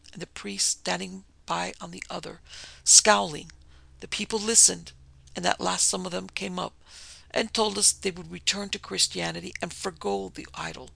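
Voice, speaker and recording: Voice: mid-range voice, gravelly, bright, forceful tone, dry recording, heavily acted, low-quality recording. A reader voicing a frightened missionary woman. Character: frightened woman missionary recounting her ordeal. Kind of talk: audiobook reading.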